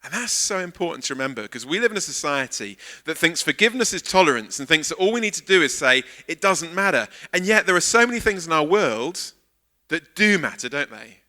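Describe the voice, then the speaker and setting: Animated, bright-voiced preacher. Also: male voice, a little high, brisk. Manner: animated storyteller, acts out quoted dialogue. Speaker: guest preacher. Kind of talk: sermon with a humorous personal anecdote. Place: church service.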